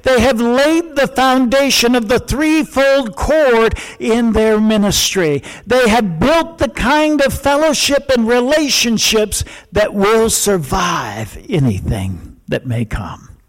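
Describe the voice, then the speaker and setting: Male pastor, sermon delivery, very high voice, unhurried, hammering short repeated declarations. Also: expressive, rough recording.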